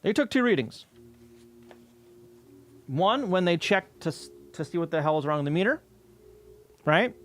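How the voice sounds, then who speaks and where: A man's voice: high voice, expressive, moderate pace, long pauses, fairly bright tone, a little hiss or hum. A man streaming while scanning old workbooks, ranting about a utility bill in casual, heavily profane chat.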